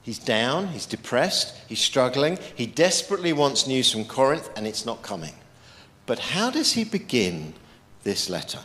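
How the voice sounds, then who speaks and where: A man preaching a sermon, lively and emphatic, quoting scripture as he goes. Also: mid-range voice, normal speed. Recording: long hall reverb.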